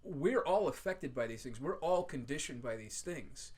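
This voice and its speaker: A man, a podcast guest, telling rambling, profane anecdotes in a casual, animated way. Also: on the high side, moderate pace, husky. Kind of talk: casual storytelling.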